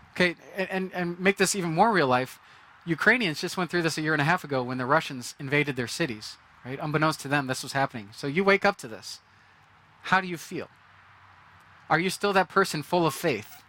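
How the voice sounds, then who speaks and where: A man's voice: on the high side, pushed and bright. A man preaching a sermon in a conversational way, acting out the reactions of the people in his story. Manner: conversational, acts out quoted reactions. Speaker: pastor.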